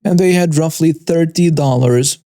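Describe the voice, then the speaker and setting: A man reads online stories aloud in a wry, even way. His voice is mellow and dark but sits slightly high, recorded dry and close. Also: normal speed, no room sound. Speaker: narrator. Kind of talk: scripted narration of online stories.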